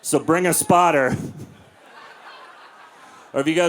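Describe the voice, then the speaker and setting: Forties male stand-up, deadpan and crude, live club set, mid-high voice, does silly voices. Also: takes it slowly, pauses often. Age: 40s. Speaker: stand-up comedian. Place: comedy club with a live audience.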